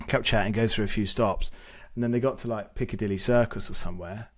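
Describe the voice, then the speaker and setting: A young man, casually telling a story on a podcast, animated and swearing freely as he acts out what people said. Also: lowish voice, fast talker. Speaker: podcast co-host.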